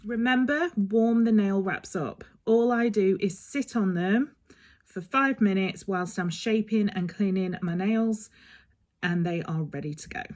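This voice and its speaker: A woman's voice: medium pitch, unhurried, darkish tone. A woman talking through a step-by-step nail tutorial in a chatty, instructive way that sometimes rambles. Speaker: beauty vlogger.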